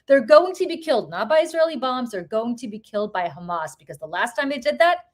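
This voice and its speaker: Podcast woman, high voice, heated profane rant, hammering rhetorical questions. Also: sing-song, fast talker. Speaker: podcast co-host. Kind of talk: heated political commentary.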